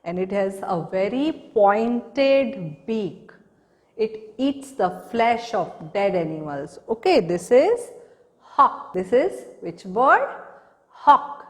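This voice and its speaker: A woman's voice: on the high side, long reverb tail. A woman teaching a recorded lesson to small children, patiently asking questions and repeating the answers. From India. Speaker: preschool teacher.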